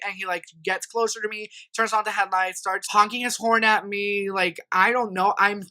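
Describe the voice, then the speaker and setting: A young man in his twenties telling a profane, animated story for his vlog, mocking the people in it. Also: high voice, brisk, hardly any pauses. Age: 20s. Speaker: vlogger.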